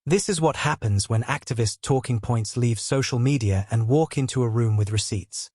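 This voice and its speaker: A man's voice: medium pitch, moderate pace, dark tone, dry recording. Guy doing scripted commentary, punchy and sarcastic, dead dry close sound. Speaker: online commentator.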